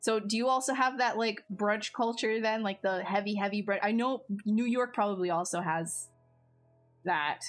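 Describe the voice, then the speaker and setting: A woman's voice: medium pitch, normal speed. Bubbly chatty streamer woman. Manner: bubbly, chatty, laughs often, many likes and restarts. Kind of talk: casual chat with live chat. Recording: faint music behind.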